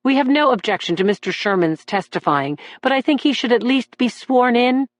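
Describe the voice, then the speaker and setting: A woman reading an audiobook voices an assertive female prosecutor who objects crisply in court. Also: on the high side, brisk, no echo, pitched above the performer's own voice, close to an everyday voice.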